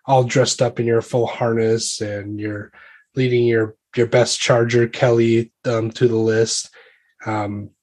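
A man's voice: mid-range voice, level tone, slow, darkish tone. A man narrating as game master of a tabletop game, loose and rambling with many fillers. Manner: loose and rambling, full of likes and ums.

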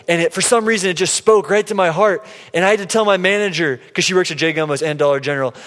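A man preaching, telling a personal story with playful, lively quotes of himself and others. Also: sits high, brisk. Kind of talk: sermon storytelling. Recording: long hall reverb.

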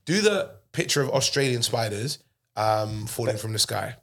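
A man hosting a podcast, animated and jokey in casual banter. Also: mid-range voice. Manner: animated, jokey, quick bursts. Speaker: podcast host.

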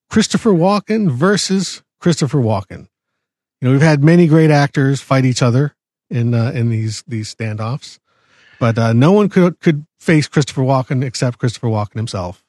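A man co-hosting a podcast in a relaxed, rambling chat. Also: mid-range voice, measured pace, no echo. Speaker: podcast co-host. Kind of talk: casual chat.

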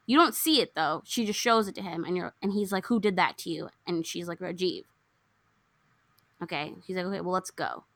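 A young woman casually recapping a film plot, acting out the characters' lines with lively swings. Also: on the low side, a little fast, no room sound. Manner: animated storyteller, acts out characters' lines. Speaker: podcast co-host recapping a film. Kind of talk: casual chat.

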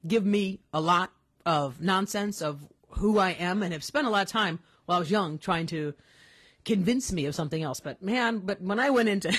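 A woman with a husky, slightly breathy voice co-hosts a casual podcast. She talks in an animated, emphatic way, restarting sentences as she builds a story. Her pitch sits in the middle for a woman. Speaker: podcast co-host. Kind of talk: casual conversational podcast chat. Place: Los Angeles.

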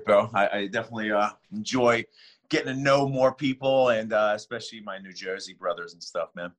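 A man as a podcast guest, relaxed and chatty, often saying "man" and "bro". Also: fairly low pitch, fairly quick. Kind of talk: casual interview.

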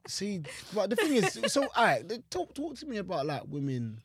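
A young man tells stories on a casual podcast, and his pitch swings widely as he gets excited. The sound is dry and close, with no room around it. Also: normal speed, breathy edge, dry recording. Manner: animated storytelling, voice jumps up in excitement. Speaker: guest co-host.

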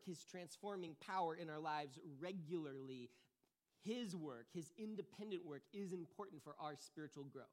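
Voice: medium pitch, normal speed. A pastor teaching a conversational sermon, chatty and self-deprecating, full of restarts and fillers, often checking in with "right?". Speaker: pastor teaching a discipleship series.

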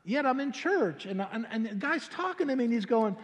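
High-voiced older pastor, animated testimony. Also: male voice, brisk. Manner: animated, colloquial, stammering restarts. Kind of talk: sermon testimony storytelling. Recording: long hall reverb.

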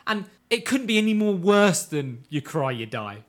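Guy on a podcast recapping an anime, lively and sweary, acts out the lines. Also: sits high, moderate pace. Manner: animated retelling with swearing, acting out lines. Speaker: podcast co-host. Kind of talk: casual chat recapping an anime.

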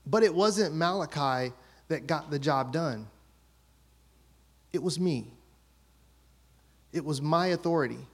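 A man in his thirties preaches, his voice sitting a little high for a man. He tells a personal story with lively swings in pitch and acts out his children's lines. The talk stays conversational from the pulpit. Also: takes it slowly, pauses often. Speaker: pastor.

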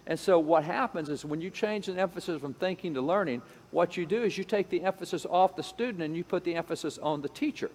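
A man's voice: high-pitched, fast, hardly any pauses, darkish tone, a little hiss or hum. A man giving an emphatic lecture-style talk, repeating phrases and acting out the voices he quotes. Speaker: speaker on education history. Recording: long hall reverb.

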